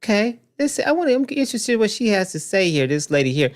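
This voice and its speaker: A man hosts a loose commentary show, reacting to news clips as he scrolls through them. His pitch swings widely and he keeps repeating phrases for emphasis. He talks straight to his viewers in an off-the-cuff way. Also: fast talker. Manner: animated, repeats himself, talks to viewers directly.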